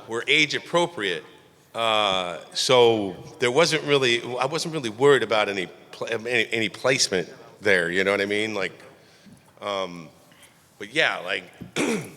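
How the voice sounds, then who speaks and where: A middle-aged man answering questions at a convention panel, animated and joking, rambling loosely with plenty of asides. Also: medium pitch. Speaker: voice actor panel guest. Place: large convention panel hall. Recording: echoey convention hall.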